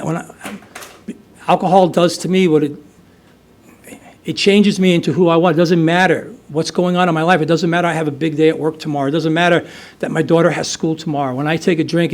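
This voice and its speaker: A middle-aged man from the United States telling his recovery story at a meeting, conversational, with many fillers and restarts. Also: on the high side. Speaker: AA speaker. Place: meeting hall.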